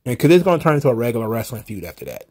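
A man's voice: medium pitch, big pitch swings, racing, darkish tone, breathy edge. A man hosting casual solo wrestling recap commentary, rambling and wry, often exasperated, with the odd swear.

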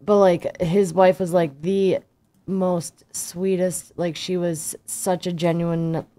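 Rambling woman co-host, low voice. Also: little pitch movement, slow pace, dark tone. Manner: rambling, fills speech with "like". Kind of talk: casual chat.

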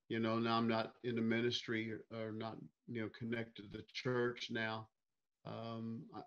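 Gravelly-voiced Missouri man, easygoing. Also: fairly low pitch, highs cut off. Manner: easygoing, halting, many fillers. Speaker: interview guest, singer. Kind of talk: casual interview chat.

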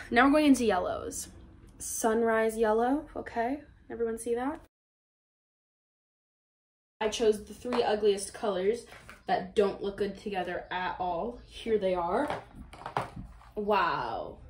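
A woman's voice: medium pitch, slow pace, long pauses, a little hiss or hum. A young woman chatting casually in a home vlog, rambling and poking fun at herself. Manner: chatty, self-mocking, rambling. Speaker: YouTuber.

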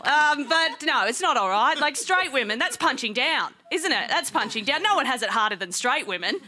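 A high, bright-pitched Australian woman delivers a stand-up routine on a studio stage, chatty and playful, often laughing into her punchlines. The stage mic carries a clear layer of noise under her voice. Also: lively intonation, normal speed, over a noisy crowd. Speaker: stand-up comedian. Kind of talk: stand-up comedy set. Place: TV studio stage with live audience.

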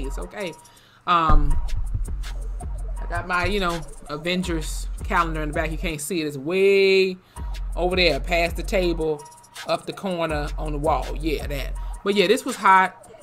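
This is a chatty reaction vlogger who talks loose and slangy and swears freely as they go. The voice is bright and forceful. Soft music plays faintly underneath. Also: mid-range voice, normal speed. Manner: slangy, profane, animated and chatty. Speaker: YouTube reaction host. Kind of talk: casual reaction vlog.

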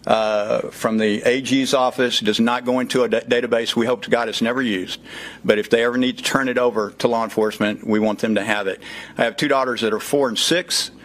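A man's voice: mid-range voice, steady tone, a little fast. Man, 50s, Southern Texas accent, folksy speaker at a press event, filler-heavy. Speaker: child safety program speaker. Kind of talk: speech at a press conference.

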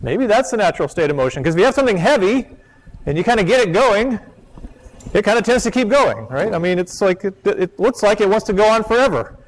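A man's voice: sits high, expressive, fast, a little hiss or hum. A man giving a physics lecture in a chatty, joking way, with poor lecture hall audio. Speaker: physics professor. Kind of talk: classroom lecture.

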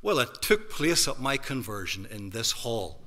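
Northern Irish male minister, 50s, bright and forceful tone, preaching testimony in a church hall. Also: medium pitch, big pitch swings, measured pace. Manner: emphatic preaching with big swings from hushed to loud. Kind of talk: testimony sermon.

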